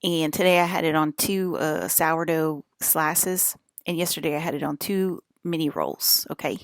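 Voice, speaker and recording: A woman talking casually to her viewers in a loose, rambling monologue, with a drawl and pauses to cough. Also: deep voice, steady tone, no echo, studio quality. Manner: rambling, drawling, uses y'all and fixing to. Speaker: vlogger.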